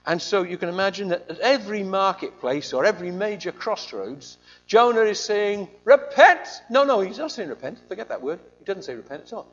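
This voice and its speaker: A man preaching with a lively, highly varied delivery, his voice pitched rather high for a man. He tells the story conversationally and animatedly, and the recording sounds slightly muffled and lo-fi. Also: a little fast, hardly any pauses. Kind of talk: sermon.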